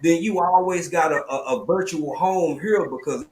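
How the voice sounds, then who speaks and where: A man with a Southern US accent, hosting a live stream panel, telling stories in lively slang over a video call. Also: a little high, moderate pace, reverberant, slight background noise. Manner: animated, storytelling, drawling slang. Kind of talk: casual panel talk.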